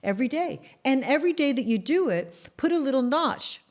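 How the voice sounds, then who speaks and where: Lively woman telling stories. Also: high voice, brisk. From Canada. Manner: animated storyteller who acts out quoted voices. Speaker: author and guest. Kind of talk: casual conversational interview.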